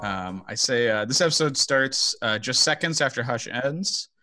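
A man's voice: mid-range voice, lively intonation, normal speed, over loud music. A man hosting a podcast in casual chat, leading the segments and laughing easily. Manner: laughing, easygoing, leads segments. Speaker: podcast host.

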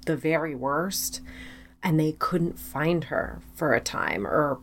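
A woman co-hosting a podcast, chatting casually and retelling stories and news with animated storytelling. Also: deep voice, slow pace, a little hiss or hum. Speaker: podcast co-host. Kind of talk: casual chat.

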